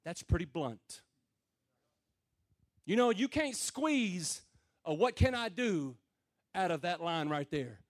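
A man preaching to a room of men in a notably high voice. He talks plain and folksy, swinging from loud, emphatic calls down to quiet, low murmurs. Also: sing-song, takes it slowly, pauses often. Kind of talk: sermon to a men's gathering.

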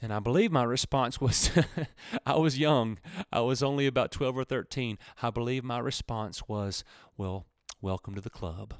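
A male pastor preaching a radio sermon, his voice swelling loud and high, then dropping low and quiet. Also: moderate pace, hardly any pauses, clean tone, dry recording, studio quality.

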